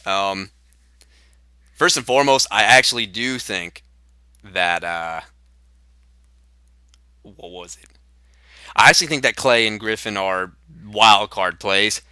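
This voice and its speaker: A man's voice: on the low side, slow pace, pauses often, bright, forceful tone, clear, resonant tone, no room sound. A man hosting a casual comedy podcast, rambling crudely with hesitant fillers. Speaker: podcast host.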